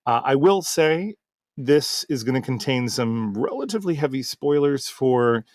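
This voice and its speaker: A man's voice: medium pitch, expressive, a little slow, no echo, studio quality. A man who hosts a podcast and runs tabletop games, telling a session story in a rambling, casual way. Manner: rambling, full of fillers and restarts. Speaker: game master and podcast host.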